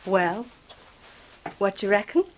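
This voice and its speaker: A woman's voice: mid-range voice, expressive, a little slow, slight background noise, close to an everyday voice, poor audio. A woman playing a chatty older woman.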